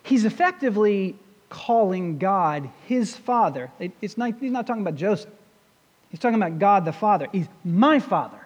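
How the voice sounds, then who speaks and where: Animated pastor preaching in a reverberant hall. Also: medium pitch, moderate pace, lo-fi sound. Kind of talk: sermon. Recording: long reverb of a large hall.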